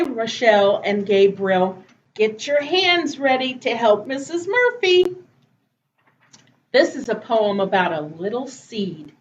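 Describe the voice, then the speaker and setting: Woman, preschool teacher, storytime reading, very slow, gentle sing-song, high voice, echoey room. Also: highs cut off, a little hiss or hum.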